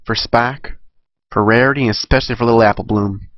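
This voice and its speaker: A man's voice: mid-range voice, fairly even intonation, brisk, dry recording, highs cut off, lightly acted. A man playing a gritty farm mare. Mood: determined. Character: determined tough farm mare, loyal.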